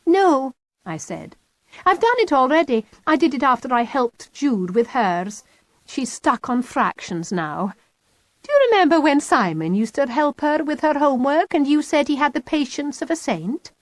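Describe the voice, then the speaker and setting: A woman's voice: high voice, sing-song, normal speed, no room sound, clean studio sound. A woman voicing a cheeky, scheming young schoolgirl in an audiobook. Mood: needling.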